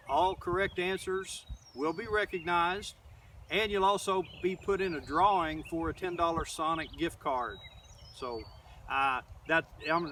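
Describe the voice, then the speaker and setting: A man's voice: fairly high pitch, sharp tone. An older man from Oklahoma, a middle school teacher giving a casual, rambling lesson outdoors in his garden, with many fillers. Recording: distant mic, faint outdoor noise.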